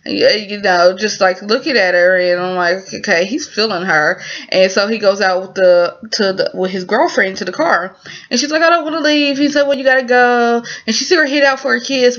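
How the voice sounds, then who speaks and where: A woman recaps a drama in a loose, chatty way, piling on fillers and asides as she goes. Her voice sits at a medium pitch. The recording sounds a little dull and lo-fi. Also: fairly bright tone. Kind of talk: casual spoken recap.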